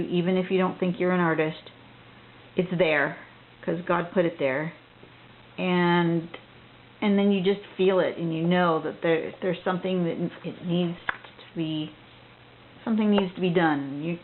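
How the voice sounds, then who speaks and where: A woman teaching a drawing tutorial, talking casually and thinking aloud as she works, rambling with frequent restarts. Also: lowish voice. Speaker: drawing instructor. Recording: tinny phone-like audio with faint noise.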